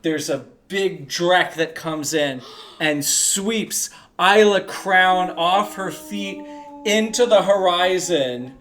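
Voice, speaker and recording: A man's voice: high-pitched, slow pace, fairly bright tone. A young man narrating a tabletop role-playing game as game master, with a joking, offhand manner. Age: young adult.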